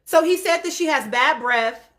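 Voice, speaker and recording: High-voiced woman chatting on a livestream. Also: normal speed, fairly bright tone. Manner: laughs often, talks straight to viewers as "y'all". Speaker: livestream host. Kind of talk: casual live-stream chat reacting to comments.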